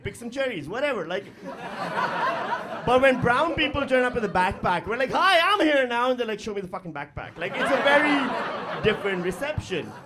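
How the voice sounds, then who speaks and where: A man's voice: high voice, a bit bright, a little hiss or hum. A middle-aged man performing a stand-up comedy set on a live stage, profane and rambling, full of fillers and talking straight to the audience.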